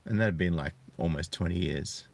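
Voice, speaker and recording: A man in his thirties talking earnestly and reflectively to viewers on a live stream, often halting to find his words. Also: low voice, gravelly, a little mellow. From Australia. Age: 30s. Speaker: channel host. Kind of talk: live-streamed personal talk.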